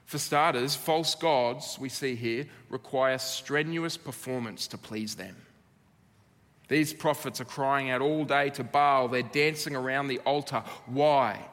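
A man with an Australian accent preaching a sermon, earnest and emphatic, with dramatic pauses. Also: mid-range voice, a bit bright, long reverb tail. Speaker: pastor.

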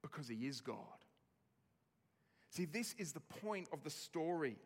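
A man preaching a sermon, expressive, dropping soft on tender lines and rising for emphasis. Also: a little high, measured pace, breathy edge, in a large hall. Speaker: pastor.

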